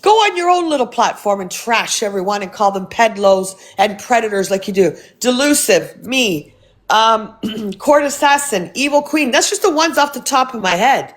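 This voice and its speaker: A woman's voice: on the high side, lively intonation, normal speed. Heated woman ranting on a livestream. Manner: heated, profane, confrontational. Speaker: livestream host. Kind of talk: casual livestream rant.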